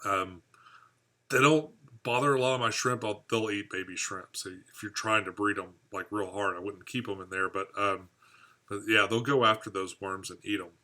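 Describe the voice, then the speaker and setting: A fishkeeping channel host chats on a live stream, reading viewer comments aloud, wandering from topic to topic and laughing at his own humor. His voice is fairly low and sharp in tone, with fairly even intonation and a moderate pace.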